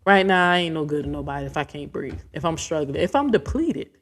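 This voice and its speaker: A woman's voice: deep voice, animated, brisk. A woman ranting in a casual vlog, blunt and profane, rambling from point to point. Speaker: vlogger.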